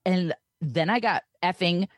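A woman in her thirties tells a story in a loose, chatty way and lively slips into the voices of the people she quotes. Her voice sits at a middling pitch and sounds dry and close, with no room around it. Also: unhurried, dry recording, soft background music. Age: 30s. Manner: animated, acts out quoted voices while retelling. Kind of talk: casual storytelling chat.

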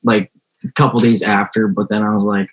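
A man's voice: fairly low pitch, flat delivery, fairly quick, low-quality recording. A young man sitting in on a reading, answering briefly and hesitantly. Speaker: sitter.

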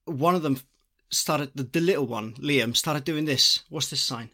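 A man with a bright, forceful voice jokes his way through stories on a casual podcast. He talks loosely, with quick asides and playful impressions. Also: medium pitch. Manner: jokey, animated storyteller. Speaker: podcast co-host. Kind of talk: casual chat.

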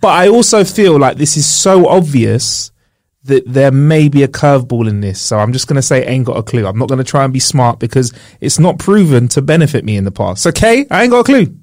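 A man's voice: medium pitch, lively intonation, a little fast, darkish tone, no echo, studio quality. A man from the UK co-hosting a podcast, joking around in casual chat and laughing often. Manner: jokey, laughs often, does silly voices. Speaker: podcast co-host.

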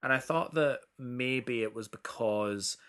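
A man co-hosting a casual chat, talking loosely, restarting sentences and jumping up in pitch when excited. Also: slow pace. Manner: chatty, self-interrupting, big pitch swings when excited. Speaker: podcast co-host.

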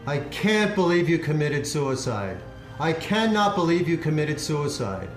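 A man imitating a male film hero, speaking in a flat, wooden monotone. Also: on the high side, measured pace, roomy sound, faint music behind.

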